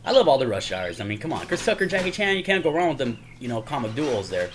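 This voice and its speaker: A man's voice: medium pitch, very animated, quick pace, hardly any pauses. Guy rambling thru movie scenes he loves, voice bouncing up and down, bit of hiss behind. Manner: rambling, chuckles often, says "man" and "y'all". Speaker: YouTuber. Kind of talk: casual movie recap.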